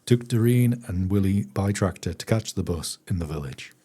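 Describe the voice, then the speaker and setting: A man reads a farming diary aloud on a live stream at an easy, unhurried pace. His voice sits very low, with a dark, husky grain. He breaks off now and then for chatty asides to his viewers. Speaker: streamer reading a book aloud.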